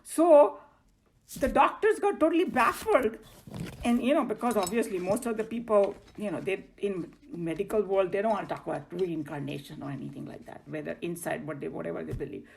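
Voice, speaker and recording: A woman's voice: medium pitch, a little fast, vocal fry, a little mellow, slight background noise. A woman with an Indian accent teaching a scripture class in a chatty, loose way, telling personal stories. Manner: chatty, loose phrasing, slips into Hindi.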